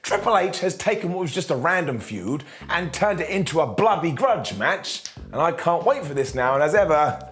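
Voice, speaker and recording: A man's voice: a little high, very animated, normal speed, few pauses, fairly bright tone, faint music behind. A man reviewing a wrestling show in a joking, sarcastic way, often quoting people in mock voices. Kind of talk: animated wrestling recap.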